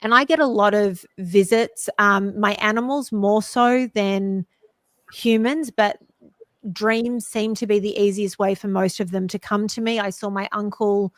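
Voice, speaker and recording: A woman co-hosting a conversational podcast, sharing a personal story in an earnest, heartfelt manner. Her voice sits at a middling pitch for a woman. The sound is dry and close, with no room around it. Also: fairly even intonation, a little slow, no echo. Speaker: podcast co-host.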